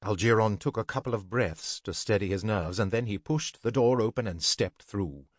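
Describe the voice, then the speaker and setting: A man narrating a scripted fantasy story in an even, deliberate way. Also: fairly low pitch, no room sound, studio quality.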